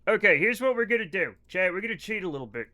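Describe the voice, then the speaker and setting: A man's voice: high-pitched, animated, fast talker, bright, forceful tone. A man streaming a game live, chatting casually with viewers in a rambling, profane, joking way. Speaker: livestream gamer. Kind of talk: casual live-stream chat while playing.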